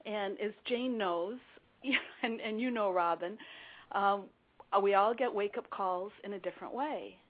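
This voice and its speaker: A woman's voice: mid-range voice, a little slow. An older woman guest telling her life story earnestly in a radio interview. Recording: phone-like narrow sound.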